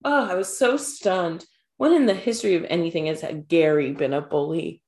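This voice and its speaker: A woman co-hosting a casual chat, animated and incredulous as she recaps scenes and mimics the characters. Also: lowish voice, moderate pace. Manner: animated, incredulous, quoting characters in exaggerated voices. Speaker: podcast co-host recapping a show.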